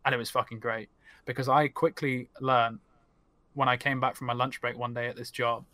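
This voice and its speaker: A young man chats on a podcast as an animated storyteller who swears freely. His voice sits at a middle pitch, recorded dry and close with no room sound. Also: moderate pace, no echo. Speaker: guest, streamer. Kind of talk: casual podcast chat.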